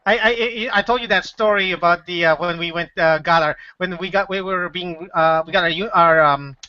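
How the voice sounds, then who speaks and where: A man and Army veteran chatting casually, halting and tripping over his words. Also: sits high, no room sound. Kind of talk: casual chat. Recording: dull lo-fi recording.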